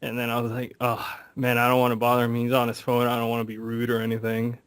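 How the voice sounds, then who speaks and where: A man on a podcast telling stories in a casual, animated way, acting out quotes and swearing freely. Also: medium pitch, quick pace, smooth, dry recording. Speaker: podcast co-host. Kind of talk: casual chat.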